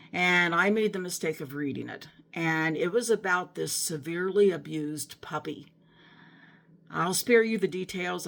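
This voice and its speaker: A woman's voice: fairly low pitch, gravelly, fairly bright tone. A middle-aged woman telling a personal faith story to her viewers in an earnest, emotional way, often restarting her sentences. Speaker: Christian vlogger. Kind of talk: personal testimony talk to camera.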